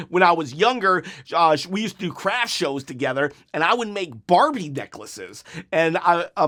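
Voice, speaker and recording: A middle-aged man answering viewer questions in a casual vlog, earnest and rambling, with animated bursts. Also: on the high side. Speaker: wrestling YouTuber.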